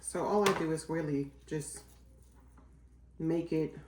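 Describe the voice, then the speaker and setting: A woman's voice: deep voice, slow pace, a little mellow, echoey room, a little hiss or hum. A woman in her forties, chatting casually as a vlogger while cooking at home, rambling with lots of fillers. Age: 40s.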